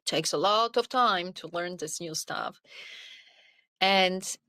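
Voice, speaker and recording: Middle-aged woman, podcast guest, earnest and animated storyteller, close dry sound. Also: on the low side, takes it slowly, no room sound. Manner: earnest, animated storytelling with frequent "you know". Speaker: podcast guest, wellness coach. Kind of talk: conversational interview storytelling.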